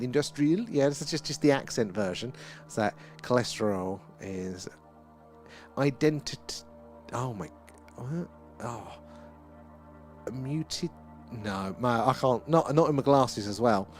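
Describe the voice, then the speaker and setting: A British man hosting a live sky-watching stream, chatting casually, answering viewer comments and laughing often. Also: mid-range voice. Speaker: livestream host.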